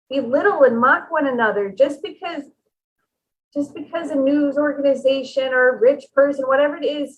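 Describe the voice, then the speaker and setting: Higher-voiced woman, earnest and heartfelt spiritual teacher; dull lo-fi recording. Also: a little hiss or hum. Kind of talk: casual spiritual talk.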